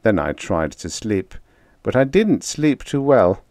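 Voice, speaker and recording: A man narrating an audiobook in the first person, with expressive, dramatic storytelling, close to the mic. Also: lowish voice, takes it slowly, no echo.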